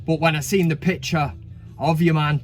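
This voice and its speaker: Man, casual comedic countdown host, cheeky and sweary, slightly raised pitch, faint music underneath. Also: fairly even intonation, normal speed. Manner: cheeky, swears freely, chatty asides.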